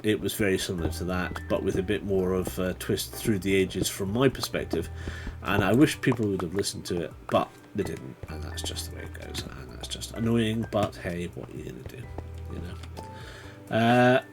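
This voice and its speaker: A man's voice: deep voice, moderate pace, over music. Rambling man streaming a game. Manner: rambling, chatty, swears when startled. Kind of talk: casual gaming livestream chat.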